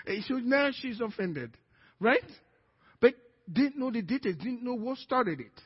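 Husky high-voiced preacher with Nigerian accent. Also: male voice, unhurried, big-room sound. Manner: animated preaching, acting out quoted dialogue. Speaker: pastor. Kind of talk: sermon. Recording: dull lo-fi sermon recording.

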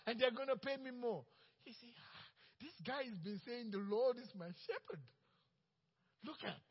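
A man preaching a sermon as pastor, acting out quoted coworkers and swinging from loud, bold lines to hushed ones. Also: high voice, animated, moderate pace, breathy edge. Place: church sanctuary. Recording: dull sound with long church reverb.

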